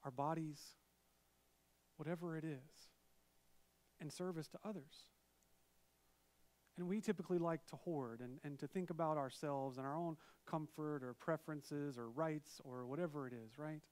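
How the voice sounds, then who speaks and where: A male pastor, probably in his thirties, preaching a sermon in a relaxed, conversational way with personal stories and asides. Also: on the high side, moderate pace, pauses often. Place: church sanctuary, virtual service.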